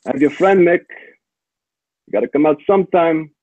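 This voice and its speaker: Guy doing a gloaty bad guy voice, slow threats, phone-line tinny and husky. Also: fairly high pitch, expressive, a little mellow, pitched above the performer's own voice. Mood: gloating. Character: menacing male movie villain taunting a hunter.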